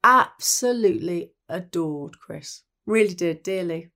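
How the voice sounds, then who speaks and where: A woman's voice: lowish voice, lively intonation, a little slow, pushed and bright. A woman from England, a broadcaster, reminiscing in conversation and acting out the voices of people she quotes. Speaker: broadcaster and guest.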